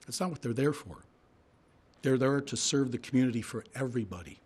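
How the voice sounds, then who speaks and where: Hoarse man testifying with indignation. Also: mid-range voice, a little fast, a little mellow. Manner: indignant, emphatic, rhetorical questions. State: hoarse, losing his voice. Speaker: public commenter at a hearing. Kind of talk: public hearing testimony. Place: public hearing room.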